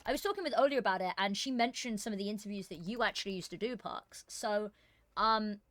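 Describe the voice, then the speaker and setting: A woman's voice: medium pitch, fast talker, fairly bright tone, no room sound. A woman casting an esports qualifier on a live stream, chatting casually and rambling with fillers and self-deprecating asides.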